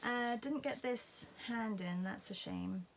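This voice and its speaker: A woman's voice: mid-range voice, takes it slowly, gravelly, slight background noise. A woman teaching a live painting class, chatting and thinking aloud as she paints. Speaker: art teacher. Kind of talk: live painting demo, casual commentary.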